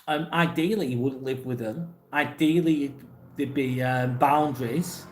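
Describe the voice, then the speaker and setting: An English man talks casually and bluntly through a live stream, reading out viewers' messages and giving straight answers. His voice sits at an ordinary middle pitch. The room around him is echoey. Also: a little slow. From England. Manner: blunt, plain-spoken, swears casually. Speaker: livestream host reading chat.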